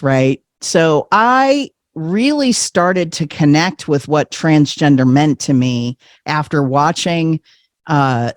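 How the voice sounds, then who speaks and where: A man appearing as a podcast guest tells a personal story in a casual, animated way, laughing often and acting out what other people said. His voice is mid-range, and the recording is dry and studio quality.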